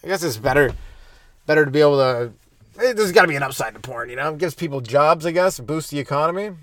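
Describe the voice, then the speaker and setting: A man's voice: on the high side, fast, dry recording. Stoned man rambling through a comedy bit. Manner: loose, rambling, stoned and animated in bits. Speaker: podcast host.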